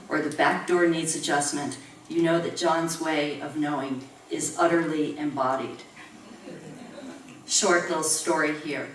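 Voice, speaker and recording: A woman's voice: low-pitched, a little hiss or hum. A woman in her sixties, a professor reading a reflective academic tribute talk with personal anecdotes. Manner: measured, reflective reading, chuckling during anecdotes. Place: university lecture room. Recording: roomy room recorded from far off.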